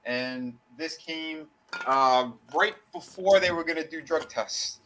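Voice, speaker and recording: A man's voice: fairly high pitch, slow, sharp tone, slight background noise, low-quality recording. A man co-hosting a casual wrestling podcast, telling a long story in a rambling way, with many fillers and restarts and casual swearing. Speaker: podcast co-host.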